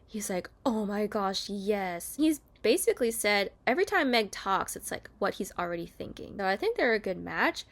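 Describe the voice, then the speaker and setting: A woman's voice: medium pitch, sing-song, a little fast, few pauses, a bit bright. A young woman on her bed at home, casually chatting and recapping a reality show, often acting out quotes in different voices. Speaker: YouTuber reviewing a reality show. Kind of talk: casual chat.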